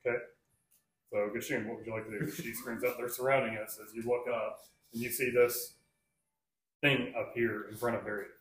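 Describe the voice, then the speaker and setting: A man running a tabletop game as dungeon master for his friends, narrating calmly. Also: medium pitch, moderate pace. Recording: echoey room, faint noise.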